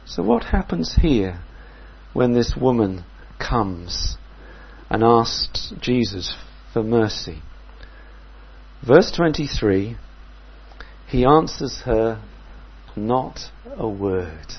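A man delivers a sermon at an unhurried, deliberate pace, his voice a little husky. He speaks in a measured, reflective way and poses questions to his listeners. The recording sounds dull and lo-fi. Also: medium pitch, very animated. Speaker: preacher.

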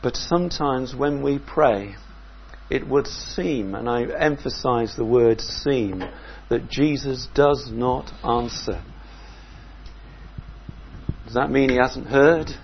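A man preaching a sermon in a measured, reflective way, often asking his listeners questions. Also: mid-range voice, muffled recording, a little hiss or hum.

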